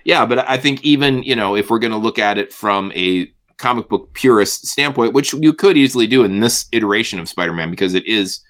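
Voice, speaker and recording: A man co-hosting a podcast, talking in a relaxed, agreeable way during a casual chat. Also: lowish voice, brisk, few pauses. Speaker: podcast co-host.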